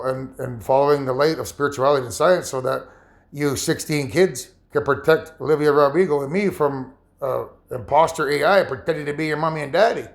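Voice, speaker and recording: Gravelly emotional man in his fifties. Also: medium pitch. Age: 50s. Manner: emotional, halting, repeats himself. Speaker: vlogger. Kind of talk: rambling personal monologue.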